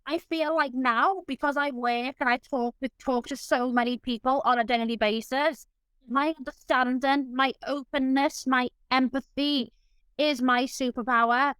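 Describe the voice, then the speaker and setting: A woman's voice: sits high, steady tone, unhurried, fairly bright tone, smooth, dry recording, low-quality recording. A woman guest in an interview, talking in an effusive, openly emotional way. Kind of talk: casual interview chat.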